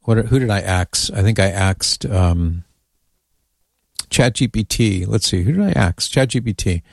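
A man with a lowish voice hosts a radio talk show, reading listener emails aloud with relaxed amusement. He's expressive, keeps a measured pace, and has some vocal fry. The studio sound is dry and close, with no room sound.

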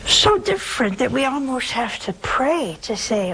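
A woman hosting a call-in show as a religious sister, giving emphatic spiritual advice with wide swings in pitch. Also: very animated, a little slow, few pauses, fairly bright tone, slight background noise, low-quality recording.

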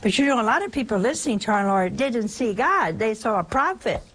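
A woman preaching an informal sermon in a conversational way, asking rhetorical questions and suddenly leaping up in pitch for emphasis. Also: very animated, brisk, a bit bright.

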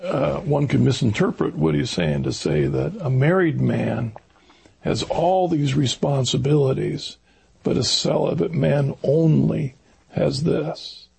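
A man's voice: on the high side, expressive, measured pace, creaky, darkish tone, breathy edge. A man hosting an interview who explains points at length and repeats phrases for emphasis. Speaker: interview host. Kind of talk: conversational interview.

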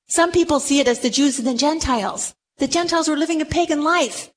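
A woman preaching a sermon to a gathered group, telling the story with dramatic emphasis and dropping low for asides. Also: quick pace, hardly any pauses, big-room sound, slight background noise. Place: church or meeting room with a group.

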